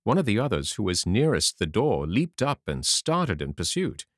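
A man reading a classic adventure story aloud, his pitch swooping widely through every sentence. His delivery is animated and theatrical, recorded close with a dry, dead sound. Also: moderate pace, no echo. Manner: expressive, lively storytelling. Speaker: audiobook narrator.

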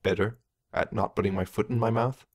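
A man voicing a weary, distracted male character who speaks in a quiet murmur, in an audiobook. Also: fairly even intonation, a little fast, gravelly. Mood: wry. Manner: low, murmured, subdued.

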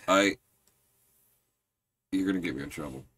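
A man's voice: on the low side, very animated, bright, forceful tone. A man co-hosting a music video reaction, chatting casually and joking around. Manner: playful, joking, quick to laugh.

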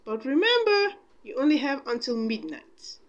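A woman voicing a kind old fairy godmother in a storybook reading, gentle and warmly commanding. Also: high voice, wildly swooping pitch, moderate pace, highs cut off, pitched above the performer's own voice.

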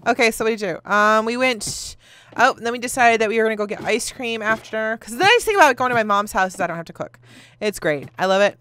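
A woman in her thirties hosts a gaming video, chatting casually, rambling through stories and laughing often as she plays. Her voice is a little high and fairly bright, and she talks fast and animatedly.

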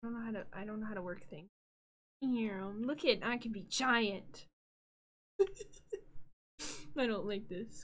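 A woman streamer chatting casually on a live stream from a room at home, bubbly and easily distracted, breaking into excited squeals. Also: medium pitch, takes it slowly, long pauses. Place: home room with green screen.

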